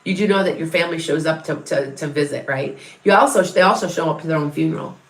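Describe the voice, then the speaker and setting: This middle-aged psychic medium talks quickly in a voice that sits low, giving her viewers readings in a chatty, wandering style. She keeps restarting and self-correcting, and the recording carries a roomy echo.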